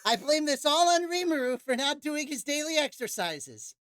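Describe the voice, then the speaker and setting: A woman's voice: high-pitched, big pitch swings, moderate pace, heavy background noise. A woman voice actor, out of breath, chatting brashly and with profanity between readings. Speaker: voice actor reading a novel aloud. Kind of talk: casual banter.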